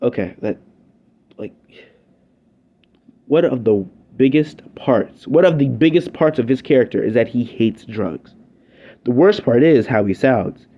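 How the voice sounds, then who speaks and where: A man's voice: mid-range voice, lively intonation, a little slow, pauses often, muffled recording. A young man giving a scripted review, ranting in an exasperated, sardonic way.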